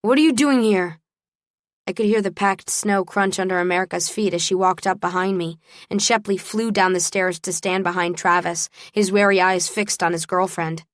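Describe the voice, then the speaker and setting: A woman's voice: lowish voice, little pitch movement, moderate pace, few pauses, no echo, clean studio sound. A woman narrating an audiobook in the first person, telling the story expressively.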